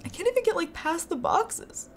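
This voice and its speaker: A woman's voice: very high voice, very animated, moderate pace, vocal fry, a little hiss or hum. A young woman streaming a game, chatting to her viewers and giggling often as she plays. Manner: chatty, giggly, talks to chat while playing. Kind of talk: casual live-stream gameplay chat. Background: game music.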